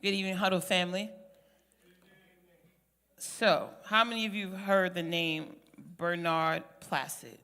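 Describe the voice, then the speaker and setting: A woman's voice: medium pitch, steady tone, moderate pace, long pauses, pushed and bright, long reverb tail, a little hiss or hum. A woman presenting a segment to a community meeting, speaking directly to the audience and then reading a news report.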